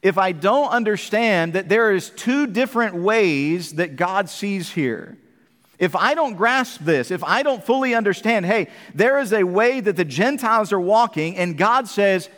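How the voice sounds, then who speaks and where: High-voiced preacher in a reverberant church. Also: male voice, lively intonation, measured pace, a bit bright. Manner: emphatic preaching, asks the congregation questions. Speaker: pastor. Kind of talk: sermon. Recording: long hall reverb.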